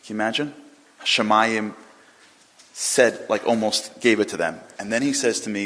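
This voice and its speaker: Animated male storyteller in a hall. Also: fairly low pitch, fairly quick. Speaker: inspirational speaker. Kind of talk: storytelling inspirational talk. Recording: long hall reverb.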